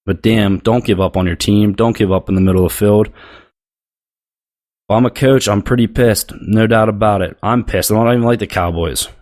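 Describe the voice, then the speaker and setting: A man's voice: fairly low pitch, brisk, a little mellow. A man hosting a sports show, delivering a blunt, profane, heated rant about football. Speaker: sports podcast host.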